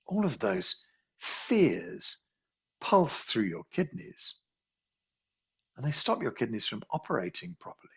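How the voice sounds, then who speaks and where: A man teaching a qigong healing class, guiding a slow, soothing meditation with repetitive phrasing. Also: medium pitch, very animated, gravelly, fairly bright tone, breathy edge.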